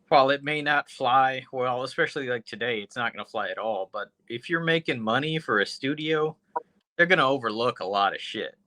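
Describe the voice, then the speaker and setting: Bright-voiced profane podcast co-host. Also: male voice, medium pitch, no room sound. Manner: loose, profane, hedging with "you know". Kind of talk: casual podcast chat.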